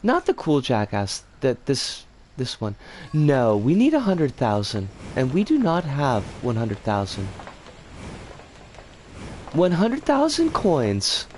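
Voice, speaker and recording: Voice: big pitch swings, a little slow, a little hiss or hum. A game streamer chatting casually over gameplay and greeting viewers by name. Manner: chatty, greets viewers warmly, swings pitch a lot. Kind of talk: casual live game commentary.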